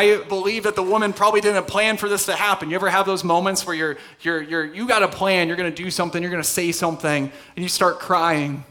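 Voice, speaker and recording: Guy preaching a sermon in a church, bright tone, kinda high voice, chatty then goes soft and serious. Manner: conversational preaching, drops to soft intense tones for emphasis. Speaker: pastor. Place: church hall.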